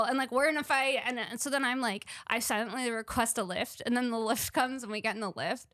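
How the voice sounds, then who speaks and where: A woman's voice: fairly high pitch, a little fast, few pauses, fairly bright tone, dry recording. A woman comedian co-hosting a podcast, chiming in casually, finishing her partner's sentences and laughing. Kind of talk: casual chat.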